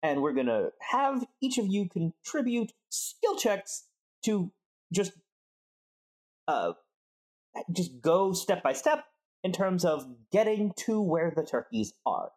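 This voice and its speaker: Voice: mid-range voice, a little mellow. A game master explaining the rules of a skill check to the players, step by step, with many fillers. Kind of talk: running a tabletop game session.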